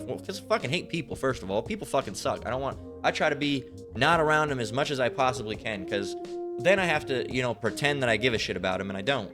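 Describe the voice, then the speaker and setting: A man giving a rambling, profane casual preaching rant about scripture, often repeating himself and swearing. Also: fairly low pitch. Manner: rambling, repetitive, swears a lot. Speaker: religious commentator.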